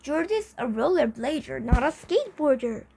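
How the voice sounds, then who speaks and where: A woman's voice: sits high, very animated, moderate pace, gravelly, warm tone, slight background noise, exaggerated voice. A woman reading aloud, voicing a reluctant schoolboy skater in a storybook who grumbles and mutters. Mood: grumbling.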